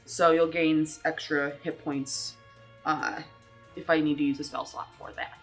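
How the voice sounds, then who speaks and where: A woman's voice: low-pitched, little pitch movement, moderate pace, faint music behind, rough recording. A woman player explaining her turn in a tabletop game, hesitant and full of ums and restarts.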